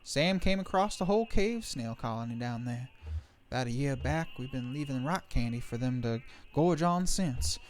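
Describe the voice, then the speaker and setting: A man's voice: mid-range voice, animated, normal speed. A man streaming a game live, reading its dialogue aloud in a playful way and dropping jokey asides between lines.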